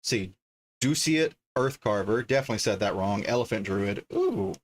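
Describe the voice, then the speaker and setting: Livestreaming from his home desk, a man opens card packs and reads out the card names one after another, chatting casually and thinking aloud. His voice is fairly low-pitched at a normal speed.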